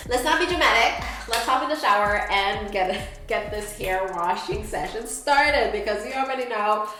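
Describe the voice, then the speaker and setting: A woman's voice: a little high, animated, normal speed, a bit bright, faint music behind. A young woman with a congested, stuffy voice, chatting playfully with her viewers in a casual hair tutorial. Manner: playful, sassy asides to viewers. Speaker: hair vlogger.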